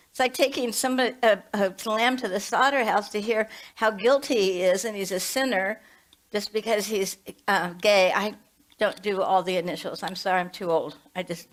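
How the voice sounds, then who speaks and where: A woman's voice: mid-range voice, poor audio. Chatty woman in her late seventies preaching. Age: 70s. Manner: chatty, storytelling with asides. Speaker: minister and hospice chaplain. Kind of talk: conversational sermon.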